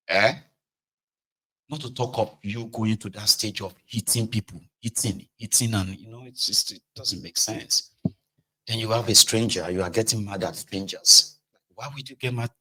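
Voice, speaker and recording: Animated Nigerian man musing on anger. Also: on the low side, breathy edge. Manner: animated, acts out shouted scenes, Pidgin asides. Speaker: vlogger. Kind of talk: casual monologue commentary.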